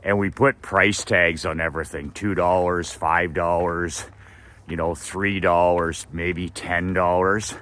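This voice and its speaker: A middle-aged man telling a personal story in a relaxed way, with fillers and laughs. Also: deep voice, slow pace. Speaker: business coach. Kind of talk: casual storytelling.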